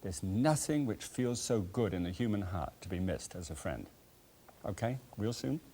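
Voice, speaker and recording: A man's voice: fairly low pitch, expressive, normal speed, dark tone, a little hiss or hum. A man hosting a cooking show, chatting straight to the viewer with playful, folksy asides.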